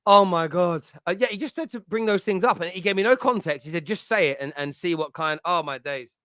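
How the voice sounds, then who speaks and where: A man's voice: sits high, brisk, bright, forceful tone. A man hosting a casual podcast chat, telling stories animatedly and laughing often. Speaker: podcast host.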